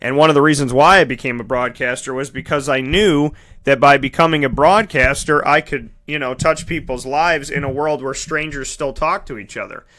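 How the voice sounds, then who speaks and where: A man hosting a radio show, talking in an animated, emphatic monologue and acting out the voices he quotes. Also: mid-range voice, normal speed, few pauses. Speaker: radio host and broadcaster. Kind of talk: energetic monologue.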